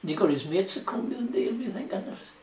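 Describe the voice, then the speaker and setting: Far from the mic, with a roomy echo, an older Geordie man from South Shields, England, tells rambling tales of his years as a shipwright for an oral history interview. His high-sitting voice is warm, expressive, and fast, and his casual dialect is full of "you know" and "like."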